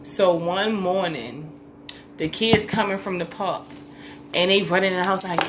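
A woman's voice: lowish voice, a little slow, background noise. A middle-aged woman telling a long story in casual talk, swearing freely and acting out what everyone said. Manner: animated, profane, acts out quotes loudly. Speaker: podcast co-host.

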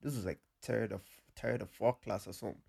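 A man's voice: on the low side, fairly even intonation, fairly quick, creaky, darkish tone, breathy edge. A young man co-hosting a casual chat, telling stories in a laid-back but emphatic way. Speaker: podcast co-host.

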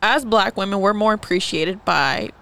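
Gravelly-voiced outspoken young woman. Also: mid-range voice, normal speed, fairly bright tone. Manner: outspoken, acts out quoted voices. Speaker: podcast co-host. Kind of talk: casual chat.

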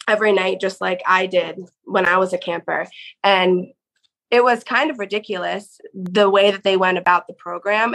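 A woman's voice: mid-range voice, creaky, fairly bright tone, low-quality recording. A woman guest telling her story in a casual, chatty way, full of "like" fillers. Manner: chatty, peppered with "like". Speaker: podcast guest.

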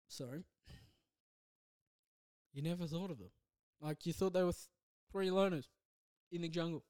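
A man hosting his own podcast, rambling casually through a movie review with self-deprecating asides and halting restarts. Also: medium pitch. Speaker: podcast host.

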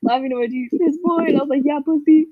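A teenage girl with a high voice tells a story to her friends and acts out the quoted lines with energy. The audio is dry and a bit dull, like a headset on a voice call. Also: a little fast, dry recording. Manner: animated, acts out quotes, frequent laughs. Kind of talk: casual group chat storytelling.

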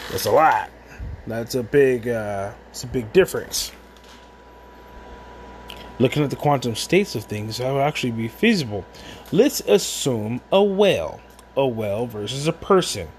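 A man talking at home in a meandering, musing way, doubling back on his words and drifting into asides. His voice sits a touch higher than most men's, with a faint hiss underneath. He drinks as he talks. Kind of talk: rambling casual monologue.

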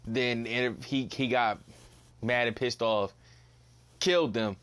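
A man's voice: medium pitch, fairly even intonation, slow, a bit bright, clear, resonant tone. A young man hosting a casual solo podcast, ranting bluntly, swearing and repeating himself in disbelief. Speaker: podcast host.

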